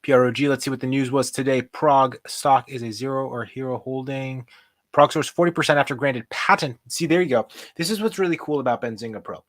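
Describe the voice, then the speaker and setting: A young man hosting a casual live stock show, chatting and thinking out loud as he reads charts. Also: mid-range voice, fairly quick, no room sound. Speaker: host. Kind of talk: casual livestream stock commentary.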